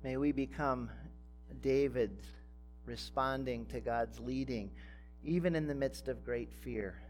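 A man preaching a sermon as pastor, speaking deliberately and building to emphatic, rising phrases. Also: medium pitch, a little mellow, soft background music.

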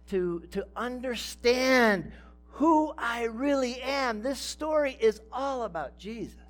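Slow, deliberate male pastor preaching. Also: high-pitched. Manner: slow and deliberate, with emphatic rising phrases. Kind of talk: sermon.

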